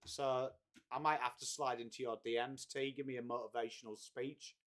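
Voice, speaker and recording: A man's voice: medium pitch, little pitch movement, moderate pace, fairly bright tone. A man from England, hosting a casual live watchalong stream, chatting, swearing freely and greeting viewers by name.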